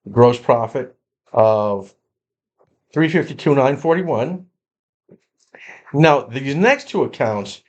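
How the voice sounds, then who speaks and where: A man's voice: medium pitch, darkish tone. A man teaching an accounting lesson, explaining spreadsheet entries in a conversational way with frequent repeats and restarts. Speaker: accounting instructor. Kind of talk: screen-recorded lecture walkthrough.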